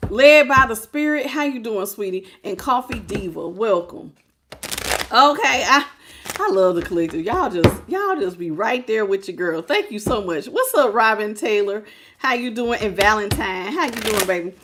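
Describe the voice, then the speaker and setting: A woman's voice: mid-range voice, lively intonation, moderate pace, background noise. A woman giving a live tarot reading, talking casually with her viewers, greeting them by name and laughing often. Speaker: tarot reader.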